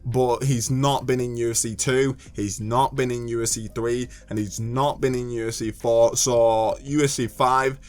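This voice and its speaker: A man's voice: mid-range voice, fairly even intonation, normal speed, hardly any pauses, darkish tone. A young British man making a casual gaming commentary video, joking and ranting and stumbling over hard names.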